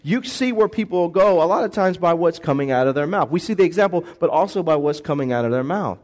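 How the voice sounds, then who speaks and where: A pastor preaches in a church sanctuary through a handheld or stand microphone, calling for congregation responses. He shifts from quiet, slow lines to shouted bursts, with a slightly high voice and lively intonation.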